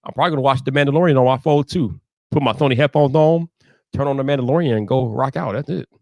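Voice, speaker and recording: A man hosting a casual live stream, talking in an animated way, repeating himself and ranting loudly when annoyed. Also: medium pitch, quick pace, creaky, dry recording.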